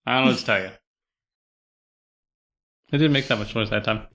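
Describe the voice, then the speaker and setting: A man's voice: medium pitch, brisk, a bit bright. A man co-hosting a library podcast, casually retelling a novel's plot in a rambling way, full of fillers and restarts. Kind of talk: casual book chat.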